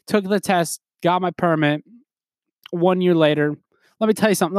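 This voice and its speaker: A young man talks through a personal story on his own podcast, full of restarts, fillers and laughter. His voice sits a little high for a man. The recording is close and dry, with no room sound. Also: normal speed, a little mellow, no echo. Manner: rambling, laughing, quoting others in put-on voices. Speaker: podcast host. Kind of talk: casual solo podcast chat.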